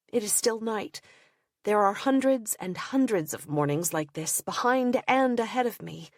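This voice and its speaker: A woman narrating an audiobook of first-person diary entries in an intimate, measured way. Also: mid-range voice, no echo, studio quality.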